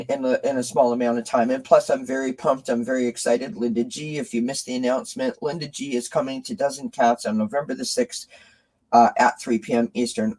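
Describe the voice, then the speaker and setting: A man's voice: medium pitch, a little mellow, low-quality recording. A man hosting a live tarot stream, emotionally thanking his viewers and reading their comments. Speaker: tarot reader and channel host.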